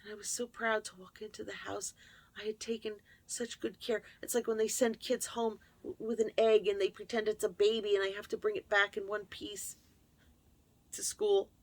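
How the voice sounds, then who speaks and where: A woman's voice: mid-range voice, flat delivery, normal speed, dry recording. A woman host speaking candidly and emotionally in a confessional personal story, recorded at her computer. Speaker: channel host.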